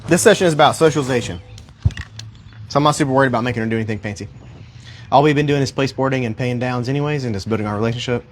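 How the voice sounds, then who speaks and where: A man's voice: mid-range voice, racing, slight background noise. A man working as a dog trainer, talking casually and rambling a little in a park, with mild cursing. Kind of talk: casual livestream explanation. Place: outdoor park.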